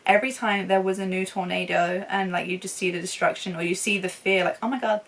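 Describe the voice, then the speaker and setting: A woman's voice: fairly low pitch, little pitch movement, brisk, fairly bright tone, far from the mic, rough recording. A young woman chatting casually and enthusiastically as a film reviewer, laughing often. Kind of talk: casual chat.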